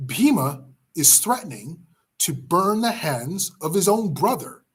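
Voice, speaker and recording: A man teaching a class by retelling an epic story in a dramatic, emphatic way with pauses. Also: a little high, very animated, slightly rough. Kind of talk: storytelling lesson.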